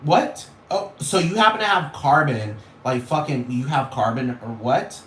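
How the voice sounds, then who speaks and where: Man, mid-pitch, rambling profane rant, exasperated, roomy echo and faint noise. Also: lively intonation, a little slow, a bit bright. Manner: swears constantly, rambling, scoffing and exasperated. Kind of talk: profane ranting monologue. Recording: echoey room with faint noise.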